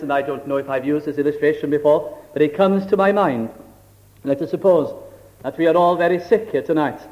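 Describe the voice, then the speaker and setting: A middle-aged man preaching a sermon slowly and deliberately, acting out little scenes to illustrate his point. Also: a little high. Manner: slow, deliberate, with acted illustrations. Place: church. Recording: dull old recording in a hall with long reverb.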